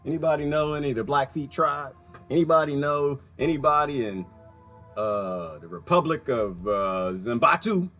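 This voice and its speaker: A man's voice: a little high, moderate pace, a bit bright, soft background music. A man hosting a casual livestream, rambling and laughing often as he talks straight to his viewers. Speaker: livestream host.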